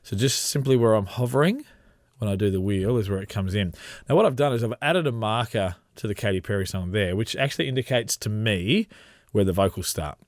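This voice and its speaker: A man walking through a software tutorial as a radio trainer, explaining step by step in a relaxed way with frequent ums. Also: lowish voice, brisk, no echo, studio quality.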